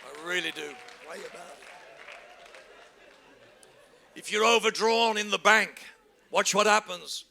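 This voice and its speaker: A middle-aged man, preaching a humorous sermon that acts out everyday scenes and bursts into shouts for emphasis. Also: high voice, normal speed, creaky, a faint crowd. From England. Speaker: pastor.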